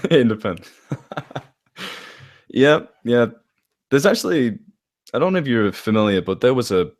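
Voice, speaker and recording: A man with a northwest English accent, a guest chatting casually in an interview, rambling a little and correcting himself as he goes. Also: fairly low pitch. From England. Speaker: interview guest, story narrator. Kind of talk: casual chat.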